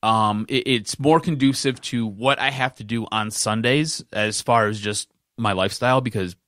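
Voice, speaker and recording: A man's voice: fairly low pitch, moderate pace, fairly bright tone, dry recording, clean studio sound. A man hosting a sports podcast, ranting in casual talk and repeating himself for emphasis.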